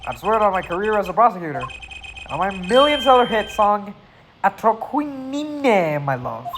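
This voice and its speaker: A man voicing a smug, flashy rock-star prosecutor with a haughty, drawn-out delivery. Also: sits high, sing-song, background noise.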